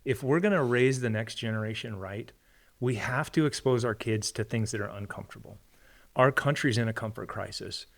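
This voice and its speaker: A man's voice: lowish voice, brisk, creaky. A man, a podcast guest and hunter, telling stories in an earnest, conversational way. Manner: earnest, storytelling with acted quotes. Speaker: hunter and parent. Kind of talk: casual storytelling conversation.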